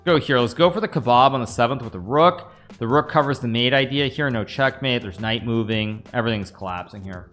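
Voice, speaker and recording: A man's voice: mid-range voice, brisk, hardly any pauses, fairly bright tone, faint music behind. A man in his thirties from the United States, live-streaming chess with rambling chatty commentary to his viewers. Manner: chatty, rambling, talks to chat while playing.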